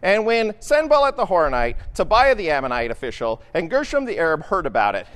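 A man's voice: high voice, wildly swooping pitch, brisk, a bit bright, big-room sound. A man preaching a sermon in a casual, conversational way, often checking in with "right?". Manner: conversational, keeps asking "right?". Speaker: pastor.

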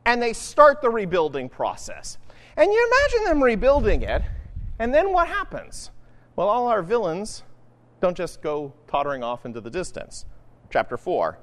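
A man's voice: high voice, wildly swooping pitch, moderate pace, fairly bright tone, in a large hall. A man preaching a sermon in a casual, conversational way, often checking in with "right?". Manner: conversational, keeps asking "right?". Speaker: pastor.

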